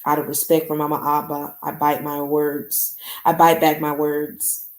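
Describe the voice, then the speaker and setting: A woman hosting a podcast, reading a novel aloud and breaking off for relaxed, casual chat with her listeners. Her voice is on the low side, and the room gives it a clear echo. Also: a little slow. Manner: casual, chatty, says "y'all". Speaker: podcast host. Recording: echoey room.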